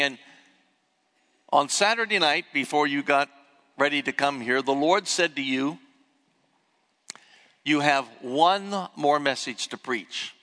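Older pastor preaching in an echoey hall. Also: male voice, a little high. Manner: storytelling, animated emphasis. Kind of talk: sermon. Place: church sanctuary.

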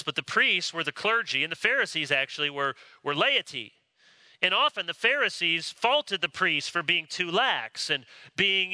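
A man preaching a sermon, animated, acting out quoted voices as he explains a Bible passage. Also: on the high side, no echo. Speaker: pastor.

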